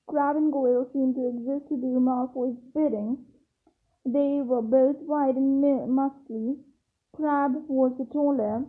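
Woman, reading a novel aloud, high voice, small slips and self-corrections, tinny phone-like sound. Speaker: reader.

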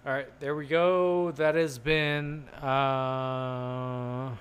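A man's voice: mid-range voice, level tone, very slow, smooth. Rambling young man hosting a podcast. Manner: loose, rambling, swearing. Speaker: podcast host. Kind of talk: casual chat.

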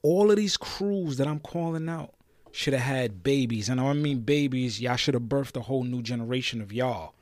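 A man from Brooklyn with a New York accent hosting a podcast, ranting with passion and challenging listeners, his voice swinging between loud and low. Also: normal speed, no room sound, clean studio sound. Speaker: podcast host. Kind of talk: impassioned solo podcast rant.

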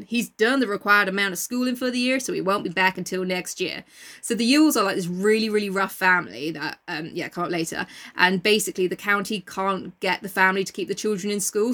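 A woman's voice: medium pitch, bright, forceful tone. A woman co-hosting a casual book podcast, chatting and reading aloud in a giggly, sweary way. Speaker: podcast co-host and reader. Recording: voice a bit far from the mic.

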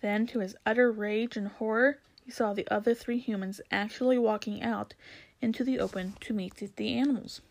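A woman narrating a children's novel aloud in a steady storytelling way, with the odd stumble and restart. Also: mid-range voice, moderate pace, gravelly.

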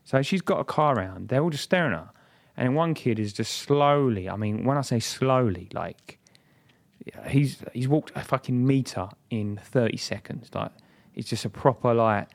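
A young man co-hosts a casual podcast, his voice lively and swinging up and down in pitch. He rambles through his points, stumbling over restarts and swearing freely. He sounds loose and chatty. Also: moderate pace, creaky. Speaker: podcast co-host. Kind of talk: casual chat.

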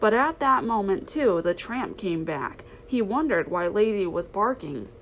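A woman reading a children's storybook aloud in an expressive, steady narration. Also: medium pitch, a little slow, slight background noise, poor audio. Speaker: reader.

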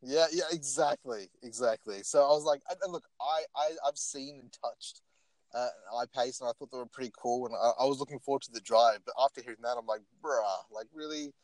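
A man's voice: medium pitch, brisk, no room sound. A young man co-hosting a car podcast, joking and mocking in casual chat. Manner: jokey, animated, mocking asides. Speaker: podcast co-host.

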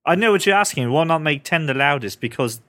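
A man hosts a casual podcast with a very lively, swooping pitch. He jokes around and keeps cutting himself off mid-sentence. His delivery is loose and animated. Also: fast talker. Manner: joking, animated, self-interrupting. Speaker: podcast host.

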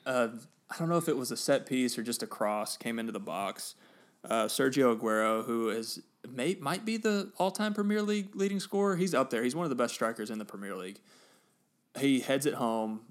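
Man, casual podcast chat, animated storyteller, excitable bursts. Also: medium pitch, fairly quick.

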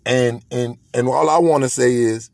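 A man's voice: mid-range voice, normal speed, creaky, darkish tone, no room sound, clean studio sound. A man hosting a podcast, delivering a motivational monologue in an emphatic, preachy way, repeating his points. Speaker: podcast host.

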